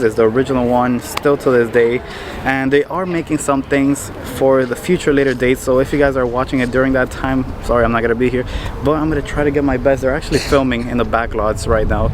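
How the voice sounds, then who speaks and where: Chatty excited guy vlogging a studio tour, lots of noise around him. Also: mid-range voice. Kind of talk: casual vlog tour commentary.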